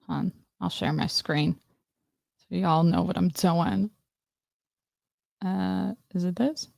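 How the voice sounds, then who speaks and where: A woman's voice: fairly low pitch, fairly even intonation, slow, gravelly, darkish tone, dry recording, clean studio sound. A woman hosting a casual livestream, laughing often and breaking off mid-sentence while she tries out British accents. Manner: giggly, self-interrupting, playful. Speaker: livestream host.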